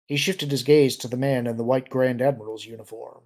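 A man's voice: medium pitch, steady tone, brisk, darkish tone. A man narrating a novel as an audiobook reader, reading steadily.

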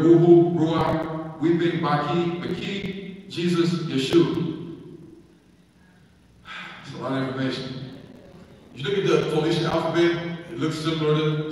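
A man presenting at a conference, listing words slowly and restarting phrases as he goes. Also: fairly high pitch. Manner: halting, repeats words, lists terms slowly. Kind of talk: lecture comparing words across languages. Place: conference hall. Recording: echoey hall, voice from far off.

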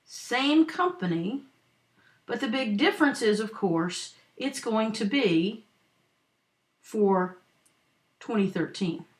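An accounting instructor with a slightly high, expressive voice leads a screen-recorded walkthrough of a worked exercise. She is patient and speaks slowly for those taking notes, regularly asking "right?" and "okay?".

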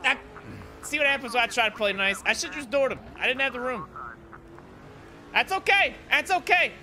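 A man streaming a racing game, commenting excitedly, swearing and yelling at rival drivers. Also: extremely high pitch, fast, a little hiss or hum. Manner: excitable, profane, yells at rivals. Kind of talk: gameplay commentary.

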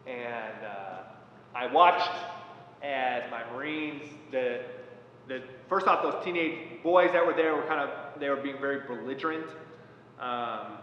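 A man who was a Marine platoon commander, speaking in a measured, reflective way with many pauses and fillers. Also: medium pitch, lively intonation, slight background noise. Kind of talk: reflective talk. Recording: echoey hall, dull lo-fi sound.

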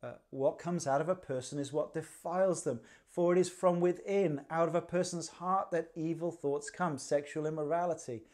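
A man's voice: fairly high pitch, fairly even intonation, normal speed, hardly any pauses, a little mellow. A man preaching a livestreamed sermon, conversational and dryly humorous, with rhetorical questions. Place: church livestream.

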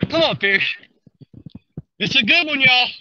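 A man, streaming live from a river bank and talking excitedly to his viewers while he fishes. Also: very high voice, unhurried, dull audio, slight background noise. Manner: excited, drawling, talks to viewers while reeling. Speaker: fishing livestreamer.

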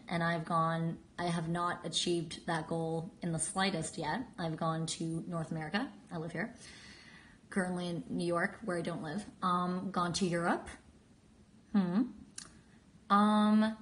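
Holding her phone at arm's length, a bubbly, giggly woman in her twenties live streams, reading fans' usernames and responding to their questions. Her voice is fairly low, and there's a little hiss or hum.

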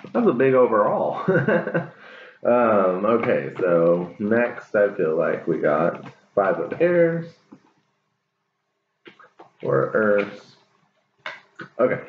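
A man's voice: fairly low pitch, very animated, drawn-out words, pauses often. A man doing a casual tarot reading, chatty, laughing and cussing as he talks. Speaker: tarot reader. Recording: lo-fi, phone-like, echoey, faint hiss.

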